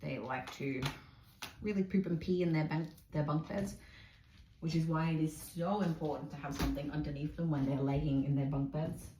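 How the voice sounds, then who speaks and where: This Australian pet vlogger has a low voice and talks in a chatty, rambling way while cleaning a big cage indoors, cooing at her pets in sing-song baby talk. Her phone camera sits on one of the cage shelves, picking up an echoey room and faint noise.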